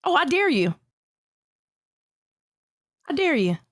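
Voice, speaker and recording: A woman co-hosting a livestream, arguing back in a sharp, profane, insistent way. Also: sits high, big pitch swings, takes it slowly, dry recording, clean studio sound. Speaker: co-host. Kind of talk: heated livestream argument.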